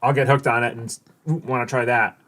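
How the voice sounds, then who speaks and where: A man's voice: medium pitch, flat delivery, a little fast, a bit bright. A man in his thirties hosting a live card game stream, chatting casually with many fillers and self-deprecating remarks. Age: 30s. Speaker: stream host.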